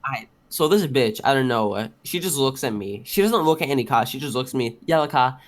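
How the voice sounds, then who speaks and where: A man's voice: medium pitch, a little fast. A teenage man co-hosting a casual podcast, telling stories with lots of swearing and acting out the dialogue. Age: teens. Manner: animated, swearing, acts out dialogue. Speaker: podcast co-host. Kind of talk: casual chat, storytelling.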